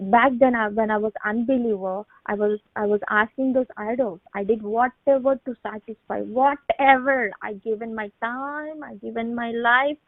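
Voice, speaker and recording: A woman around thirty giving a halting personal faith testimony on a phone call, with many restarts and repeated words. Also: on the high side, no room sound. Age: late 20s to 30. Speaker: testimony speaker on a prayer line. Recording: tinny phone line, dry.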